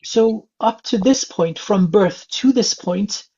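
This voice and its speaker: Gravelly, husky man giving a gentle reading. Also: high voice, takes it slowly. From England. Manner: calm, gentle, many filler uhs. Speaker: spiritual reader. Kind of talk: psychic reading session. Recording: dull lo-fi sound.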